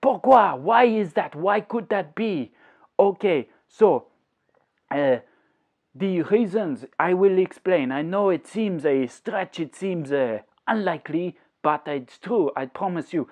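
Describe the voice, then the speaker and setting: A man making a language-learning video who talks in a deliberately hammy, put-on French accent. He slips French phrases into his talk and explains his ideas step by step. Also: high voice, lively intonation, darkish tone. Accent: deliberately exaggerated put-on French accent. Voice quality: hammy mock-French delivery. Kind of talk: playful language-learning vlog.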